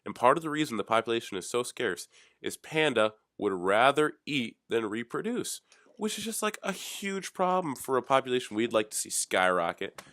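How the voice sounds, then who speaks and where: A young man hosting a solo talk show, rambling through offhand, deadpan, jokey musings. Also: medium pitch, moderate pace, dry recording, clean studio sound. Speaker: podcast host.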